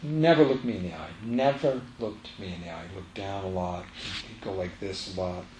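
A man's voice: sits low, moderate pace, a little mellow, a little hiss or hum. A man giving a spiritual teaching talk to a live audience, emphatic and repeating his phrases as he tells a story. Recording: roomy echo, faint ambience.

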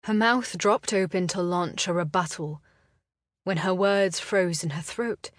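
A woman narrating a romance novel in a calm, deliberate storytelling voice. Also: lowish voice, no echo, studio quality. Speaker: audiobook narrator. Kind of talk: scripted narration.

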